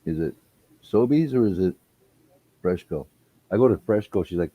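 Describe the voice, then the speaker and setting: A man's voice: sits low, lively intonation, normal speed, long pauses, slightly rough, highs cut off. A man chatting on a livestream, telling stories full of swearing and teasing with a laugh. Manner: profane, laughing, teasing storyteller. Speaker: guest on a livestream. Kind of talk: casual chat.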